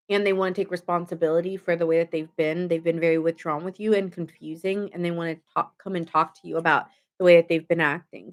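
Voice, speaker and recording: A woman giving a casual live-stream tarot reading, chatty and rambling, thanking viewers as she goes. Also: lowish voice. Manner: chatty, rambling, reads chat aloud. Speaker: tarot reader.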